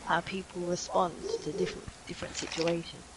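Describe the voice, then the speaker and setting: A woman guest in a casual podcast chat, calmly explaining her approach. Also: fairly low pitch, brisk, rough recording.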